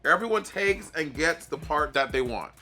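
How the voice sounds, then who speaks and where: A man's voice: fairly high pitch, lively intonation, moderate pace, sharp tone, faint music behind. A man hosting a casual chat, playful and campy, laughing often. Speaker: host.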